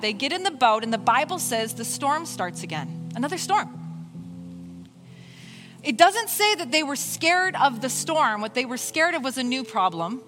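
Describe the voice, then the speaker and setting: A woman preaching a sermon in an animated way, voicing Bible figures in short quoted lines. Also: high-pitched, moderate pace, faint music behind. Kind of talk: sermon with worship music.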